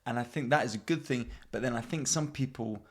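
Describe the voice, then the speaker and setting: A man in his thirties hosts a comedy podcast, rambling in a casual, self-mocking monologue and swearing freely. His voice is medium-pitched and a little fast.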